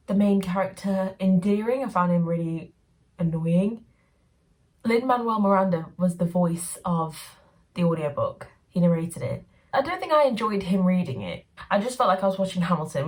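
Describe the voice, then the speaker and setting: A woman talks through a book review vlog in a casual, sardonic way. Her voice sits fairly low. She sounds a little distant from the microphone. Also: lively intonation, moderate pace, darkish tone. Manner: chatty, sardonic, mock-voices quotes. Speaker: BookTuber reviewing books.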